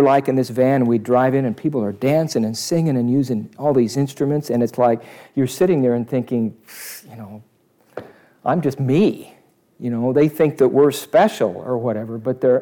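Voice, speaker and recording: Animated man preaching a sermon. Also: medium pitch, brisk. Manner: animated, acts out crowd voices, swings from loud to hushed.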